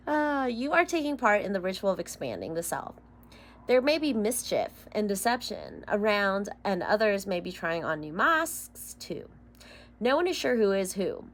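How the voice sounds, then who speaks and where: A woman's voice: mid-range voice, slight background noise. Young woman, tarot reader, casual vlog, swears and laughs between solemn card readings.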